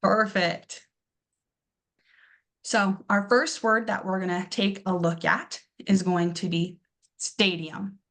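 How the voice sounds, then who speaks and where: Young woman english teacher, encouraging, lots of ums, says the example words slow and stretched out. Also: mid-range voice, fairly even intonation, fairly bright tone. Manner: slow, drawn-out model pronunciations of words; filler-heavy, encouraging teacher talk. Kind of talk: classroom lesson explaining pronunciation.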